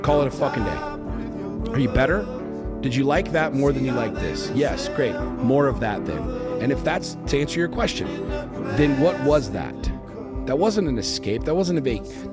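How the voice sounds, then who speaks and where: A man giving blunt, profane, commanding relationship advice. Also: mid-range voice. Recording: loud music behind.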